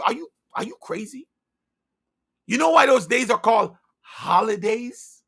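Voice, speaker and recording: A man delivering a sermon in a high, gravelly voice with a bright, cutting edge. He is fervent and insistent, firing rhetorical questions at his listeners. He swings between loud emphasis and hushed near-whispers. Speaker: preacher.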